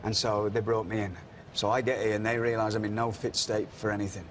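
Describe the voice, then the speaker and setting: A man's voice: lowish voice, fast, slight background noise. A middle-aged man, telling wrestling anecdotes in casual chat and acting out the quotes. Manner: animated anecdotes with acted-out quotes. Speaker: wrestling podcast guest. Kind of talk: casual storytelling.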